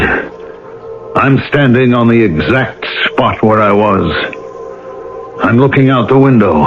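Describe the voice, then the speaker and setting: An actor playing a tormented middle-aged ex-convict who broods and breaks into shouts, in a 1970s radio drama. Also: male voice, deep voice. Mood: brooding. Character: haunted ex-convict man, tormented, tense. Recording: tinny old radio broadcast with faint hiss.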